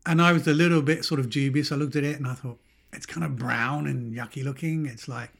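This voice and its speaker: A man's voice: mid-range voice, fairly even intonation, brisk, creaky. A man from England with a British accent, co-hosting a casual podcast chat and joking often. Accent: British English. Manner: joking, laughs a lot. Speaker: podcast co-host.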